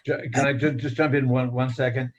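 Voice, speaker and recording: A male rabbi teaching in a study group over a video call, paraphrasing scripture in lively everyday words. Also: mid-range voice, fairly quick, dull audio.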